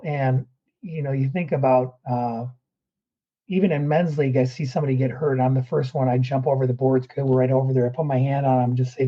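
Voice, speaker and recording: A man's voice: medium pitch, highs cut off. A man who is a guest performance coach, talking earnestly through breathing steps in a podcast interview.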